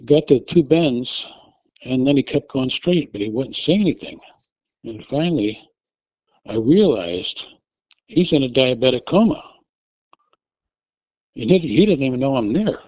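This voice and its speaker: Man telling a story, mellow dry voice. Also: medium pitch, animated, no room sound, rough recording. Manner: relives the moment, shouting quoted directions loudly and urgently; halting, with restarts and fillers. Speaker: guest telling a personal story. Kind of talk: casual spoken storytelling.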